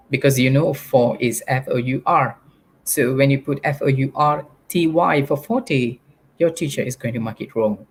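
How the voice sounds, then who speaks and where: A man with a Malaysian English accent teaching an online English class, talking to viewers with a lively, teacherly delivery. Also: medium pitch, husky. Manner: animated, exaggerates intonation to teach.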